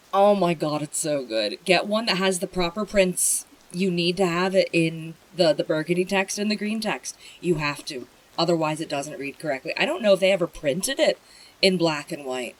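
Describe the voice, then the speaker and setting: A streamer reading a bedtime story aloud and chatting with viewers, in a gentle, emotional way. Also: mid-range voice, low-quality recording.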